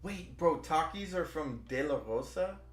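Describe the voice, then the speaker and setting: A man's voice: fairly high pitch, animated, measured pace, echoey room. A young man, the stream host, chatting casually, rambling with many restarts and lots of "bro". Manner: rambling, restarts a lot, says "bro" often. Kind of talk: casual chat.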